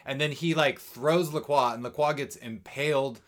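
A man's voice: mid-range voice, normal speed. A man co-hosting a casual podcast, recapping a TV episode in a loose, rambling, profane way. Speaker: podcast co-host. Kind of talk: casual chat recapping a TV show.

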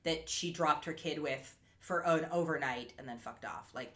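A woman's voice: deep voice, normal speed. A woman co-hosting a casual podcast, recapping a show and acting out the characters' lines with lots of energy. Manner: animated, acts out quotes, swears casually. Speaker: podcast co-host.

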